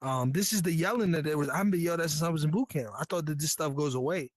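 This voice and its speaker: A man from New York tells his Navy story in a casual, candid way, full of slang and earnest asides. His voice sits fairly high, and the sound is close and dry. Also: quick pace, dry recording. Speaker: Navy veteran guest.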